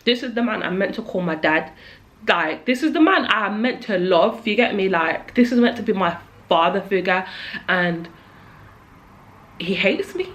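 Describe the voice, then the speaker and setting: A woman's voice: mid-range voice, lively intonation, moderate pace, a bit bright, rough recording. Nervous young woman. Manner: nervous, jittery, emotional, trailing off with many likes. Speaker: beauty vlogger. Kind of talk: casual confessional chat while doing makeup.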